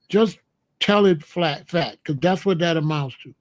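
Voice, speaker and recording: A man's voice: a little high, moderate pace. Profane, combative man ranting on a livestream. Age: adult. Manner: profane, combative, mocking the chat. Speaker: livestream host. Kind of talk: heated livestream rant.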